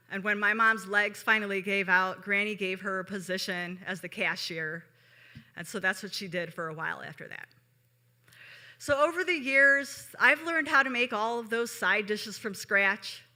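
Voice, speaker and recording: Chatty woman storyteller with a bright voice. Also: mid-range voice. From Chicago, USA. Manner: chatty, with asides to the audience. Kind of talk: live storytelling.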